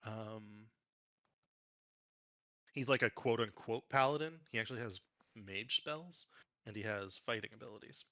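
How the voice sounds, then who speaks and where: A man's voice: lowish voice, unhurried, pauses often, pushed and bright, dry recording. A man running a tabletop game as game master, thinking aloud in a casual, hesitant way.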